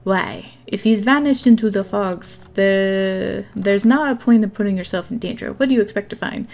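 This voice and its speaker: A woman's voice: medium pitch, moderate pace, vocal fry, darkish tone, lightly acted. A woman voicing a stern, cold old male forest elder with a put-on thick accent that is not convincing. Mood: grim. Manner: cold, firm, clipped.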